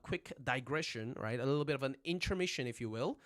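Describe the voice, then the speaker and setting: A young man teaching a casual livestream language lesson, chatty and animated, always checking in with his viewers. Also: a little high, fairly quick, hardly any pauses.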